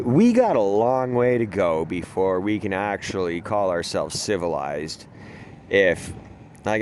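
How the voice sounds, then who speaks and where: Over gameplay, a man hosting a gaming video tells rambling, profane stories in a casual way and laughs at his own jokes. His voice is lowish and a little mellow, with a touch of hiss or hum in the audio.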